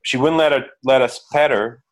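A middle-aged man, a musician and producer, talking as a guest in a casual interview, halting with many fillers. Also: mid-range voice.

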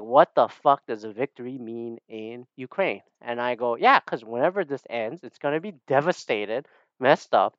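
A man talking casually and at length, rambling and animated and swearing freely. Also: mid-range voice, no room sound, lo-fi sound. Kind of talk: casual opinion monologue.

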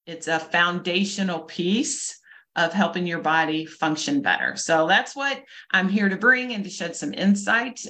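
Woman, 50s, from Kentucky, bright voice, enthusiastic. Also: mid-range voice. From Louisville, Kentucky. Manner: upbeat, enthusiastic. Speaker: nurse and nutrition coach co-host. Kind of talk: podcast introduction.

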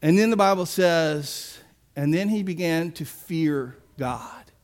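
High-voiced male preacher. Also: slow pace. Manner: conversational preaching with mock-quoted voices and asides. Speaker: pastor. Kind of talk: sermon.

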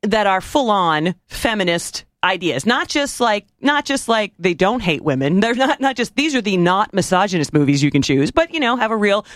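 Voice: medium pitch, big pitch swings, moderate pace, few pauses, a bit bright, no echo, clean studio sound. A podcast co-host in casual chat, talking easily and laughing often. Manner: chatty, laughs easily, with fillers.

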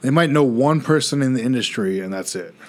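A man's voice: mid-range voice, expressive. A man in his thirties from the United States, co-hosting a podcast in blunt, profane banter. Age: 30s. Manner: quick agreeing banter, blunt. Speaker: podcast co-host. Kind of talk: casual profane chat.

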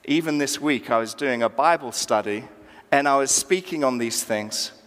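A man preaching a sermon as pastor, animated and acting out dialogue with rising emphasis, recorded in a church. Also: medium pitch, normal speed. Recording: church hall reverb.

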